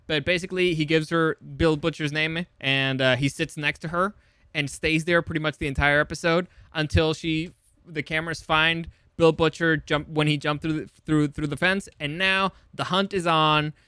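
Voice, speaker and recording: A young adult man casually recapping a TV episode as a show host, chatty and loose, swearing and paraphrasing characters in quick asides. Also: fairly high pitch, fairly even intonation, bright, forceful tone, clear, resonant tone, no room sound.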